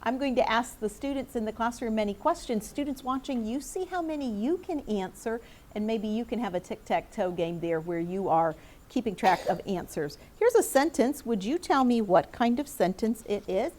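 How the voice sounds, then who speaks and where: A middle-aged woman teacher with a somewhat high voice leads a classroom lesson. She speaks clearly and encouragingly, reading sentences aloud and calling on students by name. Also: moderate pace, a little mellow.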